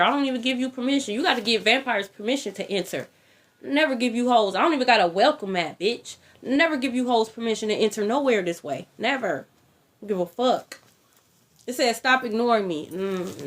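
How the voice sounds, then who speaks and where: High bright-voiced lady doing tarot, blunt and cussing. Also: animated, normal speed. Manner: blunt, profane, repeats herself. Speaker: tarot reader. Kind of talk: casual tarot reading.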